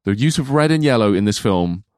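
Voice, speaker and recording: A man co-hosting a casual film podcast, explaining scenes in animated, sweary bursts. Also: fairly low pitch, brisk, no echo, clean studio sound. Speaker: podcast co-host. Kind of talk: casual film review chat.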